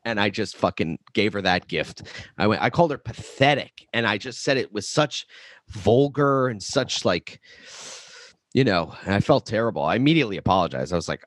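A man's voice: lowish voice, lively intonation, normal speed, a bit bright, no echo, clean studio sound. A young man, a podcast guest, telling a candid, profane story in casual chat.

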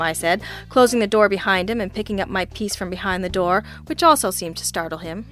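A woman's voice: mid-range voice, brisk, a bit bright, soft background music. A woman narrating a first-person hard-boiled detective story in a wry, sardonic, teasing manner. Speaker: audiobook narrator.

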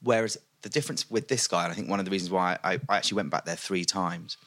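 A man's voice: low voice, fast, fairly bright tone, no room sound. A man, a food and travel writer chatting enthusiastically as a podcast guest, with lots of fillers and restarts. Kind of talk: casual chat.

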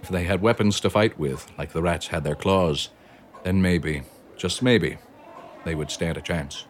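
Deep male storybook narrator, steady and expressive; faint hiss. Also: measured pace.

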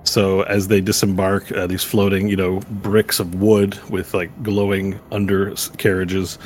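A man's voice: low-pitched, level tone, measured pace, a little hiss or hum. Man narrating as game master. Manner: rambling with fillers and laughs.

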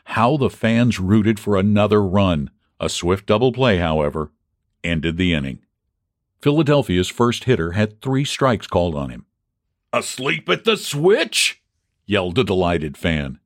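Male audiobook narrator, lowish voice with wide, lively pitch, dry close sound. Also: normal speed, no room sound. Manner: expressive reading, shouting out the fans' cries. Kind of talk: scripted narration of a classic baseball story.

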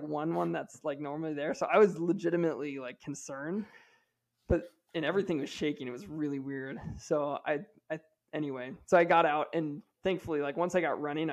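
Podcast guy in his 30s telling a story, kinda high and gravelly, lots of likes and restarts. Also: fairly quick. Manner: chatty, many fillers and restarts. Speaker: podcast co-host. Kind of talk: casual storytelling.

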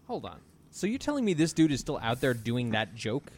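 A man's voice: mid-range voice, big pitch swings, a little fast, darkish tone, slightly rough. A man co-hosting a podcast in casual banter, sarcastic and incredulous, swearing often. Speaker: podcast co-host.

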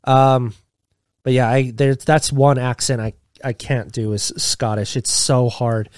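A man's voice: medium pitch, little pitch movement, unhurried, darkish tone, no room sound, studio quality. A young man co-hosting a podcast in casual chat, joking, rambling and swearing freely. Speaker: podcast co-host.

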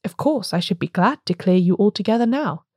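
A solid, by-the-book police inspector from a storybook, voiced by a woman reader. He speaks in a formal, official way, brisk and measured. The voice is mellow and the recording dry. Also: mid-range voice, animated, no room sound, natural voice.

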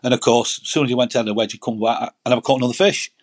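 A man's voice: mid-range voice, fairly even intonation, rapid-fire. A man, telling rambling stories as a guest in a casual chat, often repeating words. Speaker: guest angler.

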